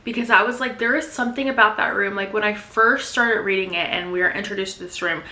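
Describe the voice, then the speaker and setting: A woman recapping a thriller novel in a chatty, animated way, full of side comments. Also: mid-range voice, quick pace. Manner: animated storyteller, chatty asides. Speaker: book vlogger. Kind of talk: casual book recap. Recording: echoey room.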